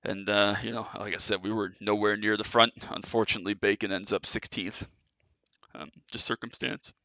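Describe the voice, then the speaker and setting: A man's voice: lowish voice, little pitch movement, normal speed, pushed and bright, no room sound. A man giving casual, chatty commentary on his own sim race, a little out of breath. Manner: chatty, filler-heavy, self-correcting. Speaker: sim racing streamer.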